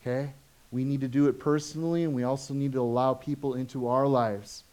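Animated pastor, chatty and questioning. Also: male voice, a little fast. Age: adult, has children. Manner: conversational, asks the congregation questions often; swings from animated to soft and low. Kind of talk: sermon.

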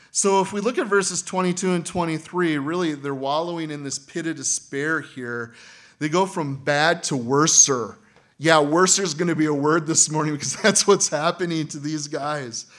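A man pastor preaching a sermon in a conversational way, chuckling often and acting out quoted voices loudly. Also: on the high side, normal speed.

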